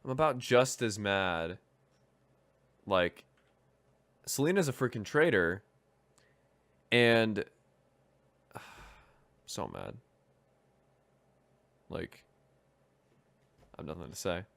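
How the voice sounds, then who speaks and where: A man's voice: fairly low pitch, sing-song, drawn-out words, vocal fry, pauses often, fairly bright tone, no echo. A young man chatting casually as a game streamer, rambling with lots of fillers. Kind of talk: casual gaming commentary.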